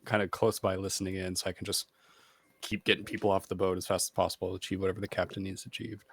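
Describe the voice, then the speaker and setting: A man playing a tabletop game, thinking aloud in a relaxed, casual way. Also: deep voice, quick pace, slightly rough, no echo. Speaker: player.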